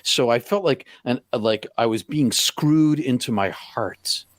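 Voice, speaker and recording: A middle-aged man telling a personal story in an interview, talking haltingly with many restarts. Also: medium pitch, no echo. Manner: halting, full of restarts, acts out quoted lines loudly. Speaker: podcast guest.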